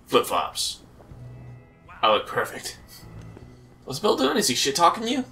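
A man's voice: on the high side, wildly swooping pitch, a little slow, long pauses, sharp tone, soft background music. A young man co-hosting a let's play, swearing and laughing through banter. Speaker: co-host.

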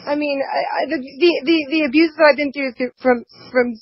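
A woman interview guest telling a painful personal account, tearful and halting, repeating words, yet defiant. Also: high voice, fairly even intonation, dry recording, dull audio.

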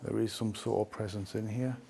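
Gravelly, hushed man ghost-hunting. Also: lowish voice, fairly even intonation, brisk. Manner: hushed, keeping his voice down. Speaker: paranormal investigator host. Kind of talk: ghost-hunting vlog walkthrough. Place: rooms of a large historic mansion, indoors.

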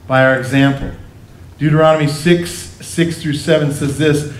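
A middle-aged pastor with a voice on the high side and fairly even intonation speaks at normal speed during his sermon. Recorded at a distance with roomy sanctuary sound, he shares family stories with his congregation, adding playful asides and acting out voices.

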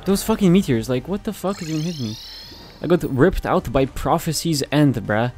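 A young man giving casual gameplay commentary, swearing constantly and reacting loudly to what happens on screen. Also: fairly high pitch, animated, a little fast, soft background music.

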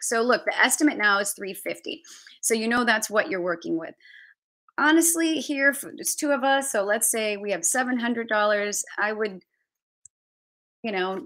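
A woman with a mid-range voice and a sharp tone runs a live-streamed travel budgeting tutorial from her home basement. She chats and thinks aloud while sharing her screen.

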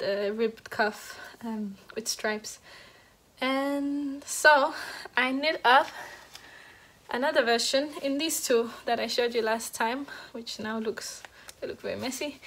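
Woman chatting about knitting at home, kinda breathless, lots of ums and restarts, voice on the higher side. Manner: chatty, halting, many fillers and restarts. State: slightly out of breath. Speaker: knitting podcast host. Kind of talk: casual show-and-tell chat. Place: at home next to a heater.

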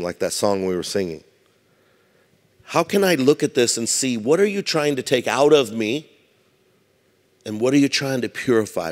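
Male pastor, casual storytelling sermon with jokes, reverberant church hall. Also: medium pitch. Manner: conversational preaching, humorous asides.

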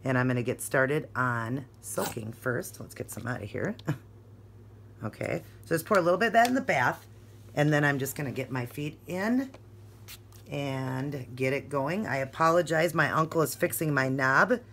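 Deep-voiced woman vlogger, chatty and giggly, fighting back laughter as she talks. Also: animated, moderate pace, fairly bright tone, a little hiss or hum. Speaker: beauty vlogger. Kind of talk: casual vlog chat.

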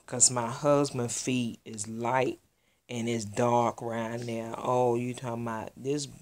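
Slow, gushing woman vlogger. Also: a bass voice, fairly even intonation, a little mellow. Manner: gushing, heartfelt and chatty. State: close to tears. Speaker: doll collector vlogger. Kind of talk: casual vlog reveal.

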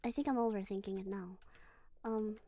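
A woman's voice: medium pitch, normal speed, heavy background noise. A woman streaming a horror game, not a native English speaker, talking nervously and swearing when startled. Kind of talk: live horror game playthrough.

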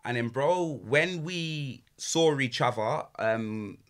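A man's voice: medium pitch, animated, slow. A young man, a podcast guest chatting casually in slang and laughing often. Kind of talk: casual chat.

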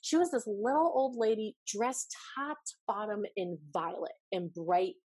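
A woman guest on a podcast, telling stories in a lively way and laughing as she goes. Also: mid-range voice, measured pace, slightly rough, dry recording. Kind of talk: casual storytelling.

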